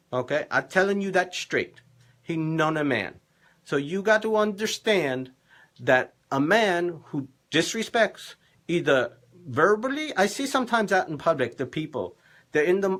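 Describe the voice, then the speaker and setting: On a comedic advice livestream, a man plays a boisterous, middle-aged Italian love professor, a relationship coach handing out dating tips in broken English with a put-on Italian accent and theatrical emphasis. His voice is fairly high and fairly bright.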